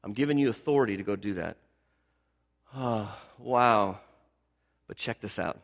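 A man's voice: lowish voice, unhurried, vocal fry, pauses often. A man preaching a sermon as pastor. He talks conversationally, repeats key words for emphasis, and asks his congregation questions. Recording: long hall reverb.

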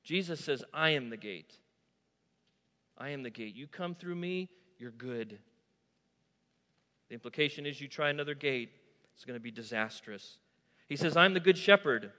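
A man preaching a sermon, moving from soft asides to loud, emphatic declarations. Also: medium pitch, normal speed, pauses often. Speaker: pastor. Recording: long hall reverb.

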